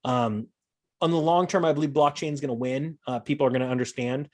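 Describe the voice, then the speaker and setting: A man's voice: medium pitch, steady tone, quick pace. A man talking casually and animatedly, acting out sarcastic imagined exchanges. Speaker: guest. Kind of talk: casual chat.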